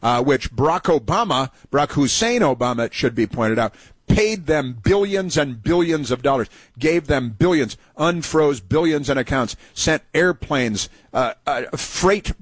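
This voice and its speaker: A man's voice: a little high, expressive, moderate pace, dry recording. A man hosting a talk radio show, indignant and sarcastic, rambling with many fillers as he introduces audio clips. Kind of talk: opinionated talk radio commentary.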